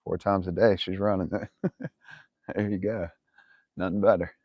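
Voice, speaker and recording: Deep-voiced profane man streaming live. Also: little pitch movement, moderate pace, breathy edge, no room sound, lo-fi sound. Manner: profane, rambling, laughs often. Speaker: livestream host. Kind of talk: casual livestream chat. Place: outdoors in his yard. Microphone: phone camera.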